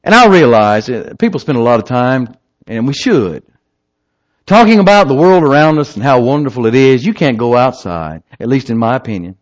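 A man preaching an evening sermon, emphatic and lively, asking the listeners rhetorical questions. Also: medium pitch, moderate pace. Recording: slightly dull lo-fi recording.

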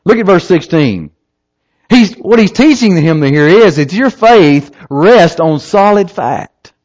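A man preaching an evening sermon, emphatic and lively, asking the listeners rhetorical questions. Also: high-pitched, slow. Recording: slightly dull lo-fi recording.

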